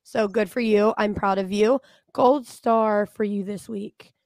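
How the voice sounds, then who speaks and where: A woman's voice: mid-range voice, steady tone, a little slow, a little mellow, dry recording, studio quality. A woman in her twenties co-hosting a podcast, chatting casually in a blunt, profane way and laughing often, while getting over a cold. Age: 20s. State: recovering from a cold. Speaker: podcast co-host. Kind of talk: casual chat.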